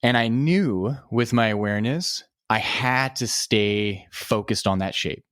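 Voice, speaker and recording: A man, a podcast guest, telling a story in a relaxed, casual way, with lots of filler words and swearing. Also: lowish voice, a little slow, no room sound, clean studio sound.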